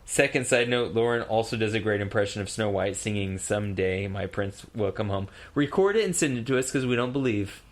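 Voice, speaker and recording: A man's voice: lowish voice, animated, fairly quick, hardly any pauses. A man in his thirties co-hosting a podcast, reading messages aloud and riffing on them with laughter. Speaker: podcast co-host. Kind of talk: casual chat, reading listener mail.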